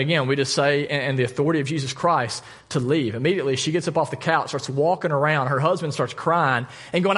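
A male pastor preaching a sermon, telling a story with lively asides and jokes. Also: fairly high pitch. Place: church.

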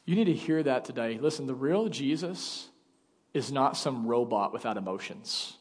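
A man's voice: mid-range voice, lively intonation, normal speed, husky, in a large hall. A male pastor delivering a sermon in an emphatic, conversational way, speaking in a church sanctuary.

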